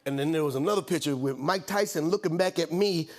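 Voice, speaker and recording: A man's voice: on the high side, fast. A man in his fifties, a comedian guest telling funny stories on a late-night talk show and acting out the people in them. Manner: acts out quoted voices, laughs through stories. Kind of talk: animated comic storytelling. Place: TV studio with live audience.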